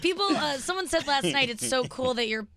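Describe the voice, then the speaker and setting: A woman in her thirties hosting a radio show, teasing and joking in quick banter. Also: high-pitched, expressive, a crowd in the background.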